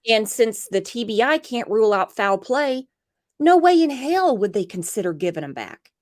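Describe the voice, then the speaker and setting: A woman's voice: a little high, moderate pace. A woman hosting a true crime livestream, chatting casually with a guest and reading out viewer comments. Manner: animated, reads out viewer comments.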